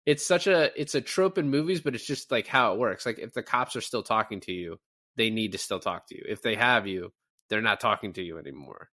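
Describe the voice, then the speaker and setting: A man co-hosting a podcast, casually reviewing a film and retelling its scenes with animated, profane enthusiasm. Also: fairly low pitch, a little fast, no echo, clean studio sound. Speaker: podcast co-host. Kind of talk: casual movie review chat.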